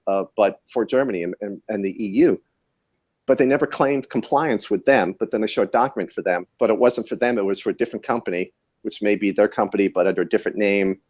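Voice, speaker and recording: A man's voice: fairly low pitch, darkish tone, highs cut off. A man who tests batteries, talking in a casual podcast chat in a wry, rambling, self-correcting way. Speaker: battery tester and guest.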